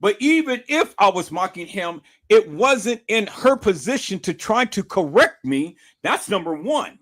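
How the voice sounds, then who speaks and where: A young man telling a story straight to his viewers with animated, emphatic delivery and lots of swearing. His voice sits somewhat high for a man and rises and falls widely in pitch. He leans on repetition for emphasis. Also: unhurried. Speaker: vlogger. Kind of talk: casual storytelling to camera.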